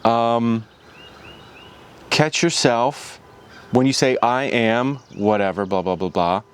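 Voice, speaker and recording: A young man hosts his own vlog in loose, reflective talk, often stopping to restart a thought. His voice is smooth and resonant, sitting at an ordinary middle pitch for a man. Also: fairly even intonation, slow pace. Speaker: channel host.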